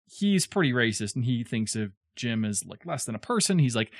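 A man with a lively voice that swings up and down as he explains a novel to his co-hosts, chatty and digressive with little joking asides. The sound is close and dry, with no room around him. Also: mid-range voice, moderate pace, few pauses, dry recording. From southern United States. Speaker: podcast co-host explaining a classic novel. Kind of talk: casual explanatory chat.

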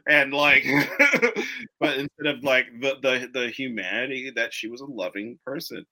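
A man who writes comics, talking casually as a guest, animated and quick to laugh, with many fillers. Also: mid-range voice. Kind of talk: casual conversation.

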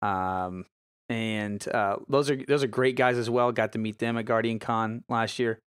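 Male podcast host, medium pitch, hesitant rambling questions, dry sound. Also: fairly even intonation, unhurried, clear, resonant tone, dry recording. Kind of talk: podcast conversation.

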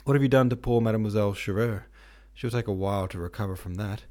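A man's voice: fairly low pitch, fast, warm tone, natural voice. A man voicing a cold, weary young prince in a storybook reading, curt in manner. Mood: teasing.

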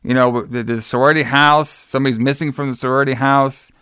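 A man's voice: mid-range voice, steady tone, fast talker, a bit bright, smooth, dry recording, clean studio sound. A man co-hosting a casual podcast, retelling a horror film in a loose, rambling way, swearing freely and acting out the characters' lines. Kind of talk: casual chat.

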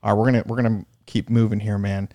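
A male host with a somewhat low voice leads a relaxed interview. He chats easily and moves the talk along. The sound is dry and close. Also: rapid-fire, no room sound. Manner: conversational, steers the talk. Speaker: podcast host. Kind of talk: casual interview.

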